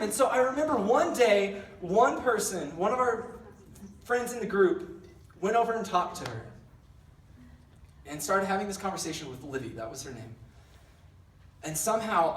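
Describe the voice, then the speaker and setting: A man's voice: high voice, a bit bright, roomy sound, recorded from a distance. A young man giving a casual youth sermon, telling a rambling story with lots of fillers and self-deprecating jokes. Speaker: youth pastor. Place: large church hall.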